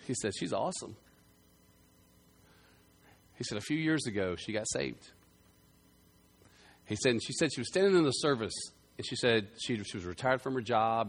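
A man preaching a sermon, telling a story with loud bursts that drop to quiet, earnest passages. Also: medium pitch, gravelly. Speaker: pastor.

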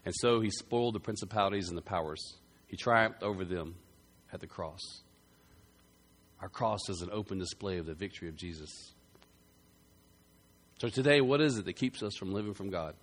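A man preaching a sermon, telling a story with loud bursts that drop to quiet, earnest passages. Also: deep voice, normal speed, pauses often. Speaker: pastor.

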